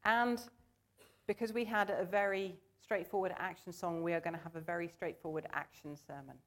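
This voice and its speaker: A woman gives a sermon in church, earnest and conversational in tone. Her voice sits a little low, and she pulls the congregation in as she talks. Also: fairly even intonation, moderate pace, a bit bright. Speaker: preacher.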